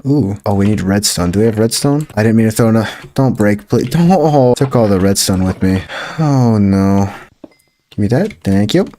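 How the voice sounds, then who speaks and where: A man giving let's-play commentary, excitable and thinking aloud as he plays. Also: fairly low pitch, moderate pace. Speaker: gaming YouTuber. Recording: game music behind voice. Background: game music.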